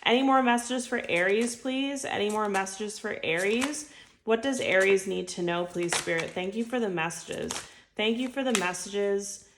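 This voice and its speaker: A woman's voice: medium pitch, moderate pace, background noise. A woman giving an intuitive tarot reading to camera, chatty and heartfelt, full of filler words. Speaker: tarot reader. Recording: echoey room.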